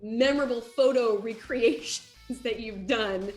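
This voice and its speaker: A woman's voice: on the high side, unhurried, a little mellow, faint music behind. A woman hosting an interview, asking friendly questions and laughing as she goes. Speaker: host.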